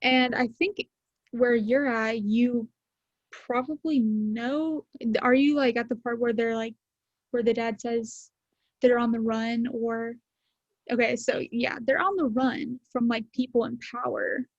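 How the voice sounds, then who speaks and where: A teenage girl talks through a book with classmates in a casual, filler-heavy way. Her voice sits a little high. The video call audio is dull and lo-fi, with a dry room. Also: steady tone, a little slow, no echo. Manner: chatty, many fillers. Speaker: student in book discussion.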